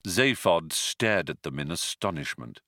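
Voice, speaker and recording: Man reading a story, slow and bright. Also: deep voice, lively intonation, no echo, clean studio sound. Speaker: audiobook narrator. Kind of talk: scripted narration.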